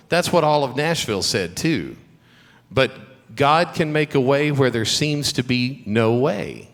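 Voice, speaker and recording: A middle-aged man with a Southern accent gives a chapel talk to students at a school, a guest speaker telling warm, humorous stories laced with faith and encouragement. His voice is medium-pitched with lively intonation, and he takes his time. Long hall reverb fills the recording.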